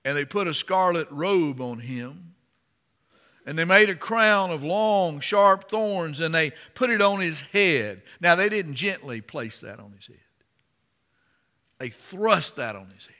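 Preacher guy, really bright tense voice, dramatic sermon, big echoey church hall. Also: fairly high pitch, lively intonation, measured pace. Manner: impassioned, dramatic, rising to loud emphasis. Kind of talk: sermon with scripture reading.

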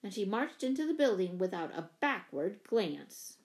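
A woman narrating a children's novel in a clear, even storybook reading. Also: mid-range voice, moderate pace. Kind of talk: scripted narration.

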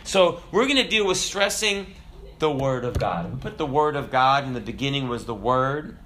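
Animated, bright-voiced male preacher. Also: normal speed, a little hiss or hum. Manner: conversational preaching with frequent asides and tag questions; dramatic swings in pitch and volume. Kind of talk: sermon.

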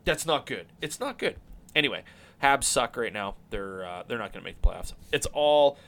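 Male podcast host, mid pitch, very expressive, casual and rambling. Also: moderate pace, vocal fry. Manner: animated, rambling, swears casually. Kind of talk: casual chat about hockey.

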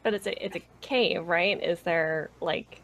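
A woman's voice: lowish voice, measured pace, fairly bright tone. A woman playing a tabletop game, asking curious questions about the rules. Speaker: player. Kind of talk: casual tabletop play.

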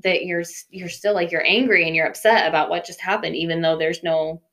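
A woman co-hosting a podcast in a relaxed, casual way, swearing offhandedly and trailing off into fillers. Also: lowish voice, brisk. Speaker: podcast co-host. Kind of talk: casual chat.

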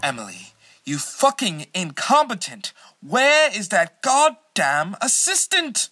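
A man's voice: a little high, sing-song, a little slow, pushed and bright, faint music behind, exaggerated voice. An actor playing a foul-mouthed, bossy male head of wardrobe who talks abrasively. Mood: angry. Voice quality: abrasive, swearing.

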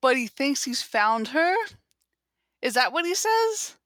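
A woman's voice: sits high, very animated, takes it slowly, a bit bright, dry recording. A young woman co-hosting a casual chat, recapping a show with lots of "like" fillers. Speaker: podcast co-host.

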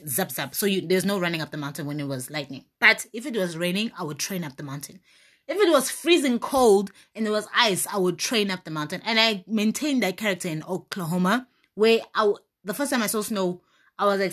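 A young woman giving a motivational faith talk, telling her own story with emphatic, animated bursts that rise loud. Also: medium pitch. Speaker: speaker sharing her story.

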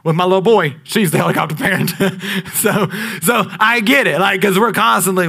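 A pastor in his thirties preaches with a high, forceful voice. He rises to loud emphatic bursts, then drops to hushed, drawn-out lines. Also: gravelly. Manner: dynamic preaching, swings between loud peaks and near-whispers. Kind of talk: sermon.

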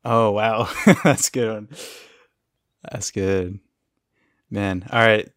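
A man's voice: on the low side, fairly even intonation, slow pace, a bit bright, no room sound, studio quality. A man co-hosting a podcast, casually recapping a cartoon episode, laughing often as he retells scenes. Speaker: podcast co-host.

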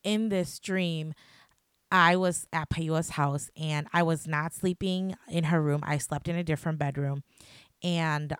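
Woman, young adult, low-pitched, chatty storyteller, filler-heavy, swears a bit, dry sound. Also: no room sound. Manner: animated, chatty, lots of "like" fillers; swears casually. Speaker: podcast host. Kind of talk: casual storytelling.

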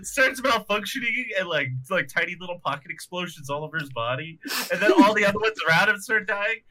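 A man's voice: sits high, expressive, fairly quick, bright, forceful tone. A man co-hosting a casual comic book podcast, laughing often, swearing and acting out the characters' lines. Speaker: podcast co-host.

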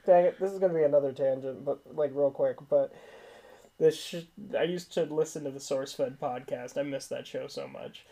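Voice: medium pitch, normal speed, pauses often, dark tone. A person in their twenties co-hosting a casual movie-review podcast, rambling into tangents and laughing often. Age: 20s. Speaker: podcast co-host.

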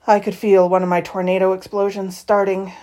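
A woman reading a novel aloud in the first person, with expressive, lively shifts in tone. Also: medium pitch, fairly quick. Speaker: audiobook reader.

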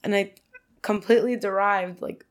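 A woman with a New York accent speaks in a mid-range voice at a normal speed, her intonation fairly even. She's a podcast guest telling a long, rambling story in a casual chat, peppering it with "like" and swearing.

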